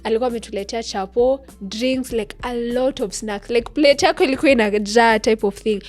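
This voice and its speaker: A young Kenyan woman co-hosting a podcast, telling an animated story and code-switching freely. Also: on the high side, fairly quick, soft background music. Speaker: podcast co-host. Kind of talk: casual chat, storytelling.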